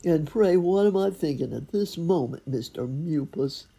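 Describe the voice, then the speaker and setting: Woman doing a loud dim-witted giant. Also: sits low, expressive, a little slow, vocal fry, breathy edge, full character voice. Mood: blustering. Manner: loud, blustering. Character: dim-witted, bad-tempered giant man.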